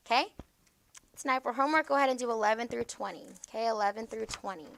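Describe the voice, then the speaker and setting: A woman's voice: fairly high pitch, quick pace, creaky, a bit bright. A woman teacher leading a classroom grammar lesson, patient and explanatory, often checking in with "okay?".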